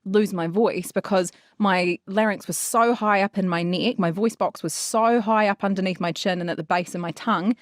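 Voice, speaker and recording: A woman's voice: mid-range voice, fairly even intonation, moderate pace, few pauses, dry recording, studio quality. A woman who works as a voice therapist, co-hosting a podcast and explaining her own experience in a reflective way. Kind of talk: casual chat.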